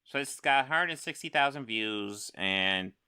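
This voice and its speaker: Dude being snarky and dismissive in a clip, bright voice that bounces around a lot. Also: male voice, medium pitch, expressive, moderate pace, smooth. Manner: dismissive, sarcastic. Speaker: YouTuber in a played clip. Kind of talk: video commentary.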